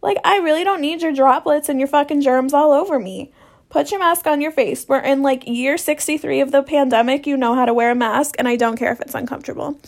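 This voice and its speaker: A young woman talks straight to her audience in a casual, profane storytelling rant. Her voice sits high and keeps slipping into a gravelly fry. She is sarcastic and blunt throughout. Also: fairly quick.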